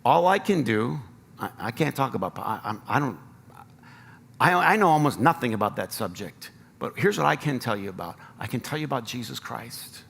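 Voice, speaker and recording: A man's voice: medium pitch, animated, moderate pace, gravelly, a bit bright, breathy edge, in a large hall. An American man preaching a sermon as pastor, earnest and rising to emphatic appeals. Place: church sanctuary.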